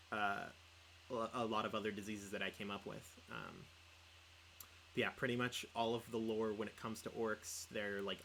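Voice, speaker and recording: A man's voice: lowish voice, sharp tone, slight background noise, poor audio. A young man chatting casually on a livestreamed podcast, rambling with lots of filler words. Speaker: podcast co-host and player.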